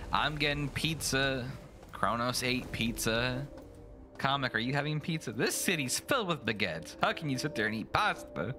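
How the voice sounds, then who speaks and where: A man streaming a video game, rambling and joking, now and then jumping into silly high voices. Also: noisy background. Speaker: gaming streamer. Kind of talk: casual let's play commentary. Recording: game music behind the voice.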